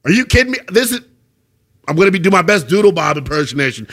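Animated man breaking down a basketball game. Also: sits high, fast. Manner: animated, emphatic, repeats himself for effect. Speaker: sports show host. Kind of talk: post-game basketball analysis.

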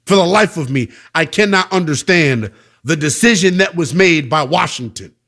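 A man hosting a sports radio show, talking with emphatic, opinionated passion that swings from loud to subdued. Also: fairly high pitch, expressive, moderate pace.

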